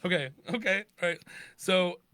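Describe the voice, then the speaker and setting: Upbeat male co-host, fairly high voice, dry close sound, light music behind. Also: normal speed, sharp tone, no echo. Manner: upbeat, cheers others on. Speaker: podcast co-host. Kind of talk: casual chat, running a word game.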